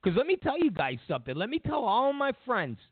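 A man hosting a political commentary show, ranting loudly and mockingly, slipping into put-on voices for the people he quotes. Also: extremely high pitch, huge pitch swings, brisk, husky, no echo, narrow, tinny audio.

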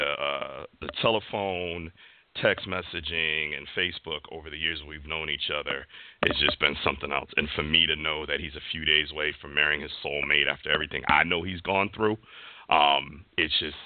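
A man's voice: rumbling low, dry recording. A man hosting a casual sports talk show, loose and rambling, sometimes heartfelt, heard over a tinny line. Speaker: podcast host. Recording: tinny phone-line audio.

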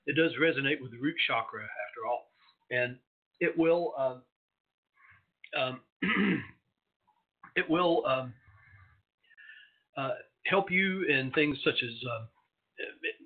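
A man's voice: medium pitch, slow, pauses often. A man hosting an internet radio show, chatting in a rambling, digressive way with lots of fillers. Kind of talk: casual solo radio talk. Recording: tinny phone-line audio.

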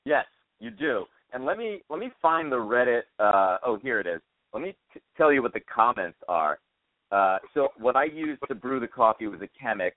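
A man's voice: mid-range voice, sing-song, normal speed. Man, from the US, casual podcast host, swears a lot, wry, phone-line sound, no room echo. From United States. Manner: swears freely, reads comments aloud with wry asides. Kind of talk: casual chat over the phone. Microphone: phone call. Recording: dry, tinny phone line.

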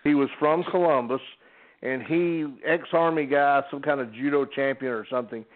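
A man's voice: medium pitch, fairly even intonation, moderate pace. An older man, a former wrestling referee telling folksy anecdotes with many restarts. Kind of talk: casual storytelling on a podcast. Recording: phone-like narrow sound.

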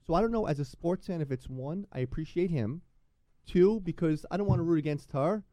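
A man hosts a casual podcast interview and fires off quick, joking banter. His voice sits a little high and moves fast. The sound is close and dry. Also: mellow, dry recording. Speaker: podcast host.

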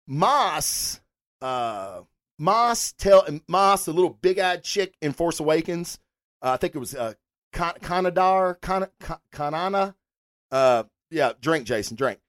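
A fan-show host rambles through a casual livestream, answering viewers in chat as he goes. The talk is animated and full of swearing, and the pitch swings up and down with energy. The sound is close and dry. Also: slow, no echo.

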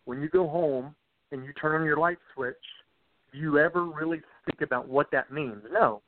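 A man's voice: on the high side, normal speed, no echo. An earnest man from Southern West Virginia, guest on a podcast and talking from the heart. His voice reaches us over a tinny, phone-like line, dry and close. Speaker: actor guest. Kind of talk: podcast interview.

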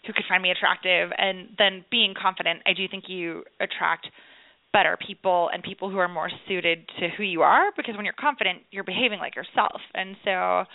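A woman in her thirties talks as a podcast guest, her voice gravelly and full of fillers and quick laughs. The sound is dry and narrow, like a phone line. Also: mid-range voice, no room sound. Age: 30s. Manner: chatty, many fillers and laughs. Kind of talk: casual podcast chat.

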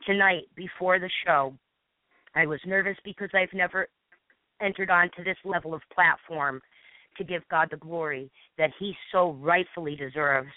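Calling in by phone to an internet radio show, a guest panelist from Massachusetts, USA, shares an earnest, fervent testimony and reads from scripture, at times halting and starting over. Her voice sits on the low side with fairly even intonation. The line is tinny, with no echo.

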